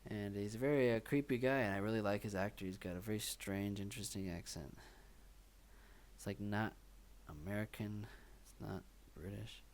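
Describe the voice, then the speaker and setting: A man's voice: on the low side, normal speed, a little hiss or hum. A man co-hosting a film podcast, talking in a loose, rambling way with many fillers. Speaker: podcast co-host. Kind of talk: casual chat.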